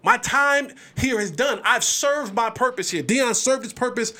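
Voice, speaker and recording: High-voiced, animated sports podcast man. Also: a little slow. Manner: animated, emphatic, repeats words. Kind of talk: solo sports commentary.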